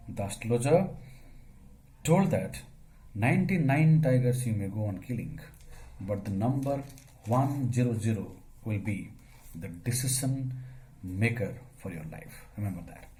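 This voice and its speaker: Lecturing his way through a story, a man poses questions and answers them himself, leaning on many fillers. His lowish voice sometimes jumps suddenly louder, and the audio quality is poor.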